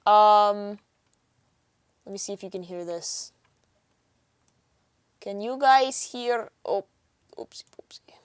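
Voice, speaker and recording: A woman's voice: medium pitch, slow, pauses often, clear, resonant tone, dry recording. A woman producing music on a livestream, chatting casually and reacting with jokes. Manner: chatty, jokey, reacts loudly to sounds. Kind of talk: casual livestream chat, reading chat aloud.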